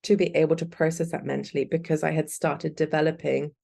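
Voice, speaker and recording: A woman's voice: sits low, level tone, a little fast, vocal fry, dark tone. A young adult woman, a guest telling her own story in an earnest, candid way. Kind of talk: personal storytelling.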